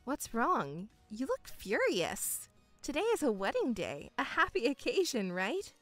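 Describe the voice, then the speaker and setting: A woman reading as a calm, patient young bride. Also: fairly high pitch, no room sound, soft background music, heavily acted. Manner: measured and restrained. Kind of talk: dramatized story reading.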